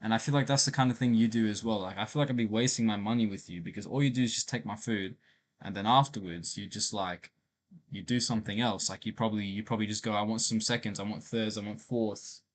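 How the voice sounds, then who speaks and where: A man's voice: on the low side, quick pace. Blunt, teasing young-sounding man. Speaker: streamer. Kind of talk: casual chat.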